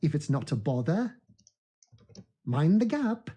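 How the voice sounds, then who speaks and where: A man's voice: a little high, very animated, slow pace, mellow, breathy edge, exaggerated voice. A man putting on a cheeky mock-Londoner. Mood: wheedling. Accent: mock London accent. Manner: singsong begging, repeats phrases. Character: pleading mock-British man, cheeky and overly polite.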